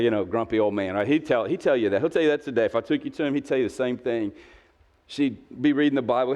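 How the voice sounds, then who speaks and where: A man's voice: medium pitch, lively intonation, fairly quick, creaky, darkish tone. A man in his fifties preaching a sermon, telling a story in a snarky, conversational way and acting out the voices of the people in it. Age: 50s. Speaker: pastor.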